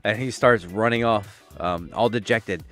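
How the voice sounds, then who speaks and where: A man's voice: on the low side, measured pace, a bit bright, faint music behind. A man narrating a tabletop game as game master, laughing often in a loose, playful way.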